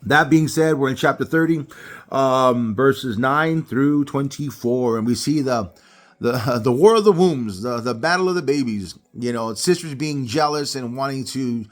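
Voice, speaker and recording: A man's voice: medium pitch, measured pace. A man giving a casual Bible study talk to viewers, telling stories animatedly. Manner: animated storyteller who acts out scenes.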